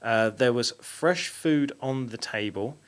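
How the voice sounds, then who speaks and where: A man's voice: mid-range voice, slow, clear, resonant tone. A man hosting a podcast, reading out facts and stopping to correct himself. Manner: reads aloud with fillers and self-corrections. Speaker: podcast host. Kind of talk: reading out facts in casual chat.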